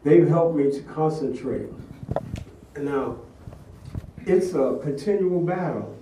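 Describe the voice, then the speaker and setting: A man's voice: medium pitch, mellow, a little hiss or hum. An older man giving a sermon-style testimony, telling a story in an earnest way. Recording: echoey room, distant mic.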